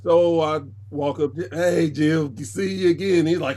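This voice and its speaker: A man's voice: fairly high pitch, moderate pace. A man, a podcast guest, telling stories casually and animatedly, jumping into other people's voices when he quotes them. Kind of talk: casual storytelling.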